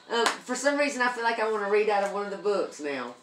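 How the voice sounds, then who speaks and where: A woman's voice: mid-range voice, animated, quick pace, hardly any pauses, reverberant, a little hiss or hum. A woman giving a casual tarot reading, chatty, with many ums and repeated okays. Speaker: tarot reader.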